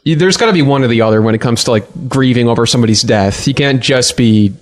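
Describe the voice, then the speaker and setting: A man in casual podcast talk, making wry quick remarks. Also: medium pitch.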